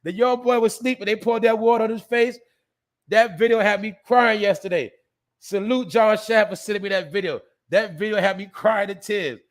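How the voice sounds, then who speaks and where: A man hosting a casual live stream, talking loosely in street slang and shouting out viewers in the chat. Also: high voice, moderate pace.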